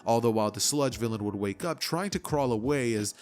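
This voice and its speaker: A man's voice: medium pitch, a little fast, soft background music. A man casually narrating a fan-made story in a loose, chatty way with lots of fillers.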